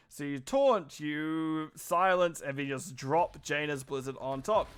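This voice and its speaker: This is an esports caster with a New Zealand accent doing live play-by-play of a match. His voice is a little high, a bit bright and smooth, with lively intonation and a measured pace. He's chatty and self-deprecating, wandering into rambling asides.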